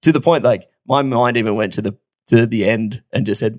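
A man, co-hosting a podcast and telling a story in a casual, animated way, swearing now and then and laughing often. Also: mid-range voice, fairly quick, no room sound, clean studio sound. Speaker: podcast co-host.

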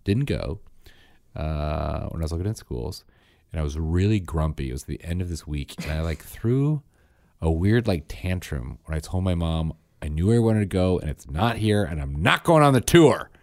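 A man's voice: sits low, lively intonation, darkish tone, no echo, studio quality. A man co-hosting a podcast, chatting casually and telling playful stories. He is sick and short on sleep. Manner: playful, storytelling, quick to mimic voices. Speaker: podcast co-host. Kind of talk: casual chat.

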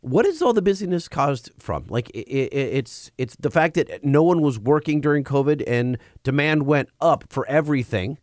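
A man co-hosting a podcast, asking quick questions and teasing in casual chat. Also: fairly high pitch, expressive, a little mellow, no room sound, studio quality. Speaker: podcast co-host.

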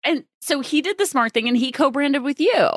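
Lively woman interview host. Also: high-pitched, a little fast, no echo, studio quality. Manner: lively, affirming, asks follow-ups. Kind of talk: casual interview.

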